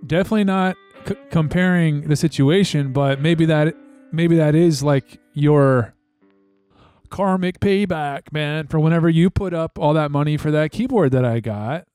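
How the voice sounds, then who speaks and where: A man in casual chat, talking in a laid-back, halting way with many fillers. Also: fairly high pitch, a little mellow, clean tone, dry recording, faint music behind.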